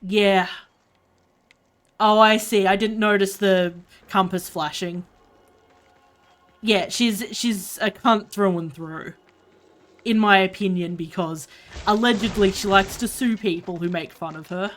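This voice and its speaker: A woman's voice: medium pitch, a little slow, long pauses. A woman from Australia with an Australian accent, chatting bluntly and swearing freely while she streams a game. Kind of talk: casual chat while gaming.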